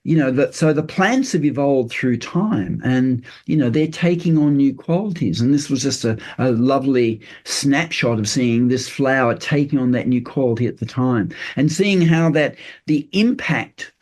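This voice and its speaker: An older man speaks as an interview guest at a mid-range pitch. His talk is earnest and explanatory, full of fillers and restarts as he works through his points. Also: normal speed, hardly any pauses, a little mellow. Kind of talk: casual interview chat.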